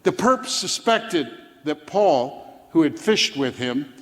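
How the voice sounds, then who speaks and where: A man's voice: on the high side, very animated, slow pace. A man reading his own prose story aloud on stage as a fisher poet, telling it in a dry manner with brief chuckles. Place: theater stage. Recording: live theater with long reverb.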